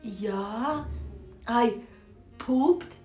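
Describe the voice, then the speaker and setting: Young woman streamer, animated casual storyteller, higher voice, roomy echo. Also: very slow. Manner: animated, laughs through the funny parts. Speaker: streamer telling a travel story. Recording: echoey room with faint music.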